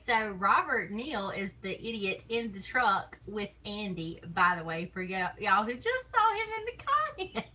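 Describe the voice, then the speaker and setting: A woman with a Southern US accent hosts a relaxed live stream from her computer at home, chatting in a bright, clear voice. She takes her time, drawling along at an unhurried pace, laughing often and teasing her listeners. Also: medium pitch, low-quality recording. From American South. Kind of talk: casual live-stream chat.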